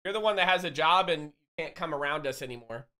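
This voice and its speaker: A man's voice: fairly high pitch, fast, sharp tone. A male streamer in casual chat with his viewers, joking, swearing and reading their messages aloud. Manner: loose, swearing, teasing banter with chat; reads chat messages aloud and answers them.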